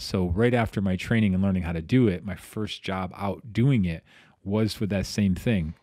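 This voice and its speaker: Animated middle-aged man telling stories. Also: low voice, dry recording, clean studio sound. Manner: animated, acts out quoted voices, frequent restarts. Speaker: physical therapist guest. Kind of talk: casual podcast storytelling.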